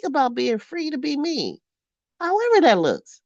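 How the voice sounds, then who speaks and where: A woman in her fifties reads her journal aloud, frank and unfiltered. She swears freely and laughs at herself, and her pitch swings widely as she talks. The sound is dry and a little dull, like a modest home mic. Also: wildly swooping pitch, moderate pace, a little mellow, no echo. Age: 50s. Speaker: vlogger. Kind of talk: candid reading of her own journal.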